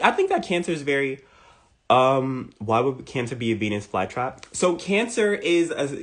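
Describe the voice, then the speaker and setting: A man giving a casual, comedic astrology monologue, playful and animated, repeating lines for emphasis. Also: mid-range voice. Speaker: astrology content creator.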